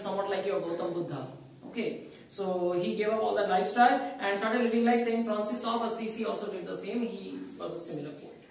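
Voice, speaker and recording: A man's voice: high voice, far from the mic. A man, teaching a poem line by line in an explanatory, repetitive way. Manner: explanatory, repetitive, stressing key words. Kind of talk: line-by-line poetry lecture. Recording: echoey room, voice from the mic.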